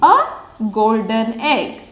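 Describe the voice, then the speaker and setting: Woman, school teacher, high voice, slow and patient, retells lines and asks the class questions. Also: huge pitch swings, fairly bright tone. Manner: retells each line simply and quizzes the children. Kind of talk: online class, reading and explaining a story.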